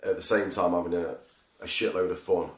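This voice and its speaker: A man with a very low voice hosts a casual podcast chat. He muses and rambles with plenty of fillers, and the room around him is echoey. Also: little pitch movement, fairly quick. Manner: reflective, rambling, with many fillers. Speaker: podcast host.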